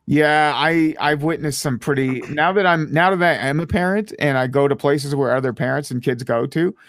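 A man's voice: fairly high pitch, moderate pace, a bit bright, dry recording, clean studio sound. A man in his thirties hosting a casual podcast chat, rambling with lots of fillers. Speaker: podcast host.

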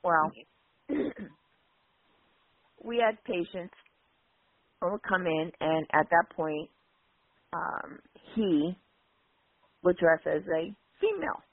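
A woman's voice: on the low side, lively intonation, slow pace, creaky, pauses often, dry recording. A woman casually telling anecdotes and acting out quoted voices. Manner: chatty, acts out quotes with voices. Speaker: guest storyteller. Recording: dry, phone-like line.

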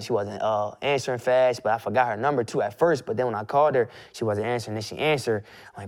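A young man in his twenties, a guest, telling a personal story in a loose conversational way, with lots of "you know" and restarts. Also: mid-range voice. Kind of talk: emotional storytelling in casual conversation.

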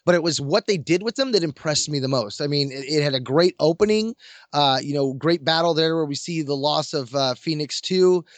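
A man's voice: fairly high pitch, brisk, no echo. A man co-hosting a casual podcast discussion who talks enthusiastically, with many fillers and restarts. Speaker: podcast co-host.

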